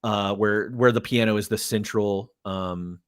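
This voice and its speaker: A man's voice: fairly low pitch, steady tone, a little slow, clear, resonant tone, no echo, clean studio sound. A man co-hosting a casual movie podcast, rambling, often trailing off mid-sentence and laughing. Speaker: podcast co-host.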